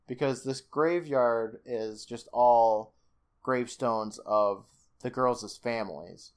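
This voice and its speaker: Man, podcast co-host, casual recap, frequent swearing, laughing. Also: medium pitch. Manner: swears freely, laughs often, acts out quotes.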